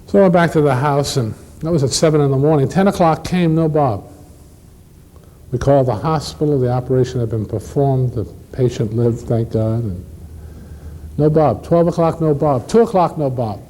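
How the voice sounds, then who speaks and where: A man performing a one-man stage play, telling a first-person story with dramatic pauses and shifts in pace. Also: mid-range voice, mellow, low-quality recording.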